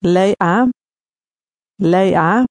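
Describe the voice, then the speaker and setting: A native speaker giving the model answers in an audio lesson, saying each phrase clearly twice. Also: medium pitch, drawn-out words, no echo. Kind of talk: slow repeated example phrases.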